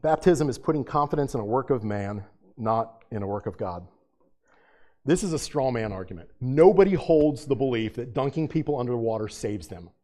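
Man, pastor, sermon, mellow warm voice, rhetorical questions, fervent emphasis. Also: mid-range voice, animated, normal speed. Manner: asks the congregation rhetorical questions.

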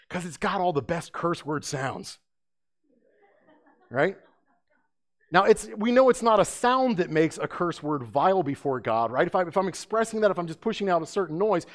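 A middle-aged man preaching in a slightly raised, light voice. He tells stories in an easy conversational way and keeps asking the listeners rhetorical questions. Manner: hushed and low during prayer. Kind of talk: sermon with opening prayer.

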